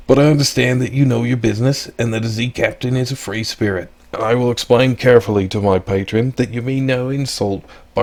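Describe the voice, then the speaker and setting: A man voicing a sly male dockside go-between in a game, reading his lines in a put-on accent, raised in pitch and louder than his usual talk. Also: gravelly.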